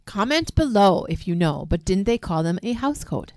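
A woman co-hosting a podcast, chatting casually in a relaxed, matter-of-fact way into a desk mic. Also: medium pitch, normal speed, no echo. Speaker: podcast co-host. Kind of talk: casual chat. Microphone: desk microphone.

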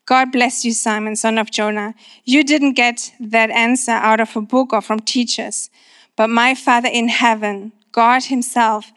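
A woman's voice: on the high side, fairly bright tone, dry recording, studio quality. A woman preaching a sermon in an earnest, conversational way, with many casual filler words.

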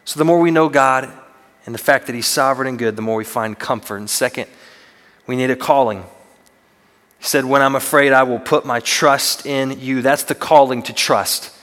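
A young student minister preaches a sermon in a church sanctuary, his medium-pitched voice a bit bright and at normal speed. He is earnest and conversational, with self-deprecating humor. The recording carries the long reverb of a large hall.

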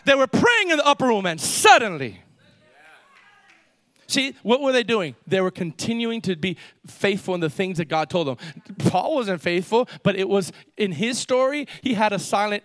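A pastor preaching a lively sermon, with call-and-response and quick asides to the congregation. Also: male voice, high voice, no room sound.

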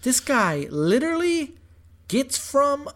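A young man telling a story in casual chat, animated and profane, saying "dude" and "bro" constantly. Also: very high-pitched, slow.

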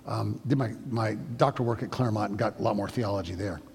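A man's voice: fairly low pitch, fast, vocal fry, a little mellow, slight background noise. A middle-aged man preaching a sermon as a pastor, telling stories in a conversational way with frequent restarts. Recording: long hall reverb.

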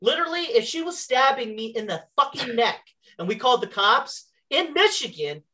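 A woman's voice: a little high, moderate pace. A woman in casual chat telling a story with exasperated sarcasm, swearing and acting out both sides of an argument. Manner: animated, swears, acts out both sides of a dialogue. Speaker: storyteller on a talk show.

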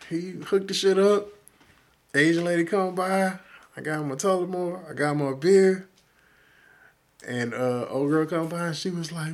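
A man whose voice sits high talks at normal speed while co-hosting a podcast. He tells a story loosely and profanely, bringing its people to life in animated quoted voices during the casual chat.

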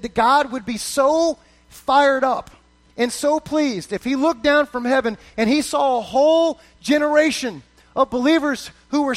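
High-voiced man preaching a sermon. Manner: conversational preaching with quoted voices and repeated restarts. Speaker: pastor.

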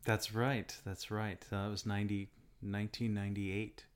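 A man's voice: lowish voice, little pitch movement, moderate pace, clean tone. Easygoing man asking questions. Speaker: interviewer. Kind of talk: casual interview chat.

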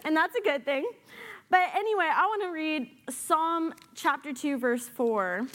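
High-voiced woman preaching a lively sermon. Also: measured pace. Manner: animated, with playful sarcastic asides. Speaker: guest preacher.

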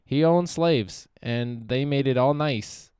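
Profane rambling young man, smooth dry voice. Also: mid-range voice, takes it slowly, a little mellow, no echo. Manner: profane, meandering, self-interrupting. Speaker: podcast host. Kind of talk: rambling solo podcast monologue.

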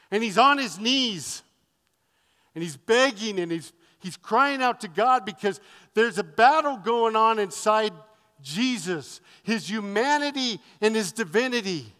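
Emphatic high-voiced male preacher. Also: fairly bright tone, in a large hall. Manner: emphatic, repetitive preaching cadence. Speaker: pastor. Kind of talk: sermon.

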